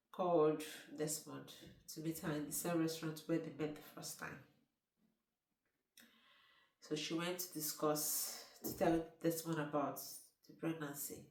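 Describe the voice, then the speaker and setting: A woman's voice: deep voice, darkish tone. A woman, casually retelling a film's plot and often turning to ask the listener questions. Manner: chatty, asks the listener questions, restarts often. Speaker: storyteller recapping a film. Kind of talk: casual spoken movie recap. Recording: roomy sound from a distant mic.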